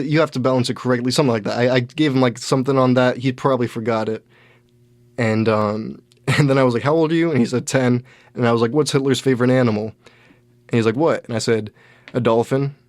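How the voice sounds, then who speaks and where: A young man hosting a podcast, telling a rambling story with lots of restarts and animated bits. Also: medium pitch, no room sound. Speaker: podcast host. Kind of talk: casual storytelling monologue.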